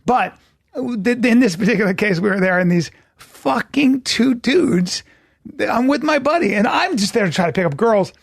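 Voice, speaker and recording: A man, a comedian on a podcast, telling a self-deprecating story with halting restarts in a studio. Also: sits high, animated, gravelly, dry recording.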